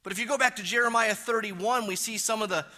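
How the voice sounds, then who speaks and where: A man delivers a sermon from the pulpit in a fairly high, bright, forceful voice. He presses hard on key words, then sinks into quiet, low phrases before building up again. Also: fast talker. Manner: emphatic preaching, swinging between loud stresses and hushed low phrases. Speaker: pastor.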